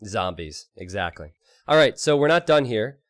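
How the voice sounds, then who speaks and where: A man casting a strategy game live and chatting with his stream audience, excitable and quick to laugh. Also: on the low side, no room sound, studio quality. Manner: excitable, laughs often, talks to chat.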